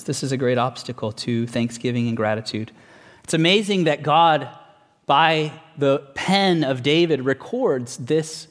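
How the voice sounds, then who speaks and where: A man preaching a sermon in an earnest, measured way, slowing down to stress key words. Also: mid-range voice. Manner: earnest, measured, slows for emphasis. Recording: long hall reverb.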